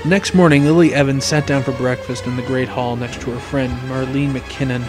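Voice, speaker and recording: A man narrating a fan story, rambling casually in his asides, his voice going hoarse. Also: mid-range voice, steady tone, a little fast, few pauses, music in the background. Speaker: storyteller, fan fiction reader.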